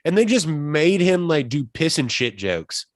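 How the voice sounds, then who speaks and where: Dude on a podcast, fired up and cursing, cuts himself off a lot, dry close sound. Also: male voice, a little high, measured pace, dry recording. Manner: animated, swearing, self-interrupting. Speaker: podcast co-host. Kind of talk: casual chat.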